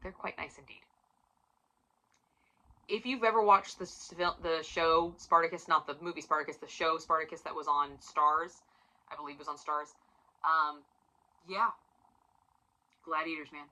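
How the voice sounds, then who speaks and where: Emphatic, bright-voiced woman reviewing a book. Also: low-pitched, fairly even intonation, moderate pace, poor audio. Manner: emphatic, profane, swings from loud to near-whisper. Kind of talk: casual book review vlog.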